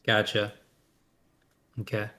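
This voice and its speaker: A man playing a tabletop role-playing game, thinking aloud with many pauses and fillers. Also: on the low side, monotone, pushed and bright. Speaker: player.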